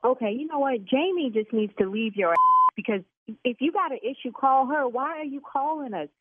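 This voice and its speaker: A woman's voice: sits high, expressive, a little fast, husky, no echo. Exasperated woman on a tinny phone line. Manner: exasperated, loud and cursing. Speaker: lash salon owner on a phone call. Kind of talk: heated prank-call argument.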